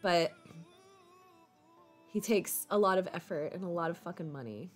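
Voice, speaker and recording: A woman's voice: lowish voice, expressive, moderate pace, faint music behind. Rambling, casual woman chatting with viewers. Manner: rambling, fillers like "like", casual swearing. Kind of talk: casual chat.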